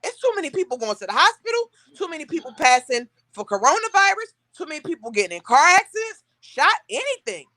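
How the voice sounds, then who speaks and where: Woman, high voice, very animated, bright tone, dry close sound, casual storytelling. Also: fast, hardly any pauses, no echo. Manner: animated storytelling, acting out quotes. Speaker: podcast host. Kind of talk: casual chat.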